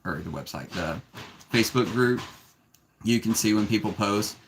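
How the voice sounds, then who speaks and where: Man, gravelly voice, snake breeder hosting a casual live stream; plainspoken and frank, gentle with a kid. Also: fairly low pitch, expressive, moderate pace, a little hiss or hum. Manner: plainspoken, giving frank advice; gentle, patient with his young son.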